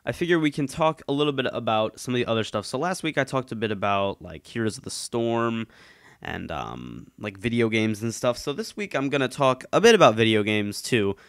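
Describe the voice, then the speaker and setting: A man's voice: medium pitch, lively intonation, fairly quick, clear, resonant tone, no room sound, clean studio sound. A man chatting casually on his channel, rambling with lots of ums and restarts, a little congested. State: slightly congested. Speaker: YouTube commentator. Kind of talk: casual solo chat. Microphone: headphones, desk mic.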